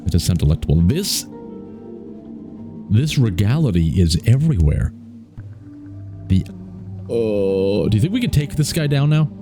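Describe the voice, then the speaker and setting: A man's voice: fairly low pitch, big pitch swings, unhurried, pauses often, over music. A man hosting a let's play, chatting playfully and reacting aloud to the game. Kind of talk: casual gameplay commentary.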